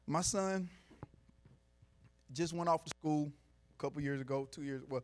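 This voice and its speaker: A man giving a motivational talk to a live audience in a room, preachy, asking the crowd questions, going from quiet to loud. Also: on the high side, normal speed. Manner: preachy, call-and-response, swings from soft to loud. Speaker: motivational speaker.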